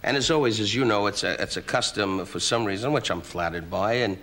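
A man, a comedian guest on a talk show, telling an insult-comedy anecdote with rapid, needling jabs, heard on noisy old TV broadcast audio. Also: on the low side, a bit bright.

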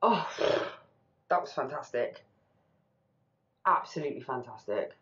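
A woman's voice: deep voice, very animated, a little slow, long pauses, muffled recording. A woman hosting a TV reaction channel, talking candidly and with animation, swearing casually as she reacts.

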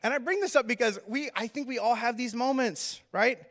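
A man's voice: very high-pitched, brisk. A man preaching a sermon as a pastor, telling a funny self-deprecating story in a loose, chatty way and talking straight to the crowd. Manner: animated, self-deprecating, conversational, addresses crowd directly. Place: church auditorium. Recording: reverberant hall sound.

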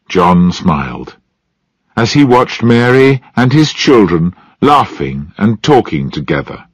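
A man narrating a story slowly and deliberately for language learners. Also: lowish voice, no echo. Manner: clear, deliberate phrasing. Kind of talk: slow storybook reading for learners.

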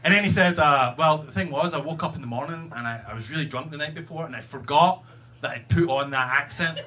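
A man's voice: fairly high pitch, quick pace. A Scottish man doing a stand-up comedy set, telling a profane story full of "right?" tags and acted-out quotes. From Scotland. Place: comedy club stage. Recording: live club set, loud audience laughter.

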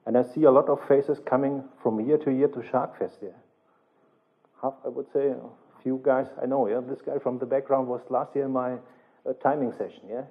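A man's voice: medium pitch, fairly even intonation, normal speed. Man lecturing, ending phrases with "yeah?". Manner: tags nearly every phrase with a questioning "yeah?"; non-native, broken English phrasing. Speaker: conference instructor. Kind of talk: technical lecture. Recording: tinny, narrow-band conference recording.

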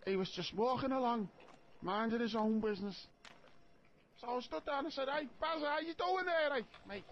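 A man's voice: very high voice, normal speed, highs cut off, a little hiss or hum. An actor playing a jittery, frightened working-class man with a Liverpool accent, rattling through a story in video game dialogue.

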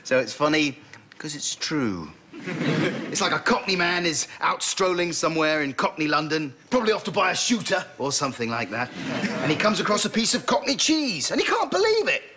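A man's voice: fairly high pitch, big pitch swings, fairly quick, crowd noise. An actor playing an anxious, eager advertising account man who rambles nervously, in a studio sitcom. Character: anxious male ad salesman, eager but timid. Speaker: account director.

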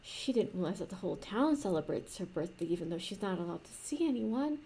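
A woman spins an improvised fantasy tale in a soft, rambling way, pausing for restarts and little asides. Her voice is mellow and breathy, sitting in a middle pitch. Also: big pitch swings. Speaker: storyteller.

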